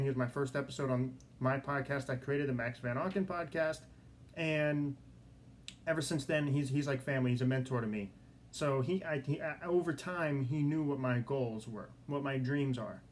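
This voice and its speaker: A young man hosting his own sports podcast in a studio, talking excitedly and repeating himself as he tells a story. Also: medium pitch, slight background noise. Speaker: podcast host. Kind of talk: solo podcast monologue.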